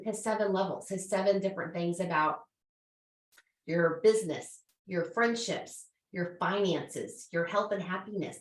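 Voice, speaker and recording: A woman's voice: lowish voice, reverberant, far from the mic, rough recording. A woman hosting a business call, giving an earnest, emotional motivational talk with many fillers and restarts.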